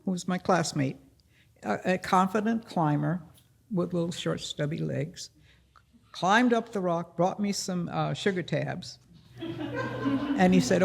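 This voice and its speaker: An older man tells a true story aloud at a library gathering, taking his time over each phrase. His voice is gravelly with a fairly high pitch for a man, and he slips into the voices of the people in his story. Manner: unhurried, plain-spoken, acts out the dialogue. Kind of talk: personal storytelling at a live event. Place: public library event room.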